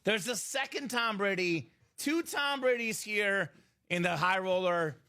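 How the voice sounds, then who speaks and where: A young man hosting a live sports card break, hyping items and bantering with viewers in quick sales patter. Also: high-pitched, clean tone. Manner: energetic, shouts and jokes with viewers.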